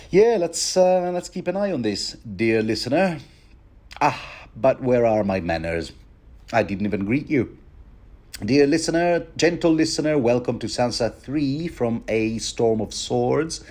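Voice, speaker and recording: A man with a fairly low voice talks through a book chapter in a rambling, conversational commentary. He is wry and chatty, often tripping over words and restarting his sentences as he thinks aloud. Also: darkish tone. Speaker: podcast host.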